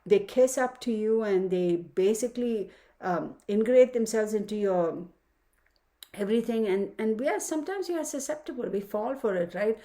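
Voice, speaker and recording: A woman's voice: mid-range voice, expressive, moderate pace, dark tone. Chatty, frank woman reading horoscopes. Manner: chatty, frank, slips into mock dialogues. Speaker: astrologer giving weekly sign readings. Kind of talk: casual chatty astrology forecast.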